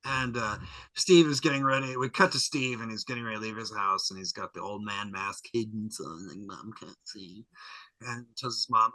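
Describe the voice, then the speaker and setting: A man guest on a podcast, recapping an episode in a lively, jokey way and slipping into character voices. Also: lowish voice, normal speed, no echo, low-quality recording. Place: podcast studio.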